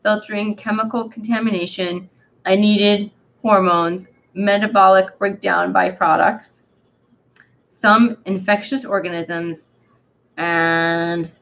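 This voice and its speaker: Woman reading a book on a livestream, slow, stumbles on big words, kinda muffled sound. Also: medium pitch, fairly even intonation. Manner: reads haltingly, stumbling over long words with many fillers. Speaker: book club host. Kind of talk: live reading and discussion.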